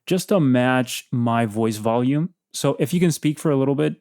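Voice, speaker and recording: A man's voice: medium pitch, moderate pace, darkish tone, dry recording. Man, blunt, probing, rambling talk, dry close sound. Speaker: host. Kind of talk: casual chat.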